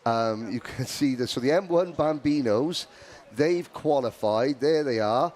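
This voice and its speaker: Male co-commentator, mid-pitched, chatty and discursive, live kart racing broadcast. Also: a little slow, darkish tone. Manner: chatty, rambling, with asides and restarts.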